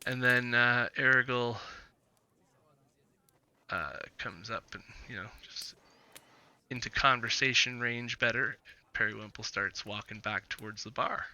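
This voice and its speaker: A man narrating as game master for a tabletop game on stream, halting and filling pauses often. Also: mid-range voice, fairly even intonation, pushed and bright. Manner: halting, many fillers.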